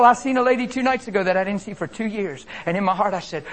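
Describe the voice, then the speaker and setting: Animated male preacher, high voice, loud-to-hushed sermon delivery, faint hiss behind. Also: quick pace, few pauses. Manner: animated, swings between loud exclamations and hushed asides.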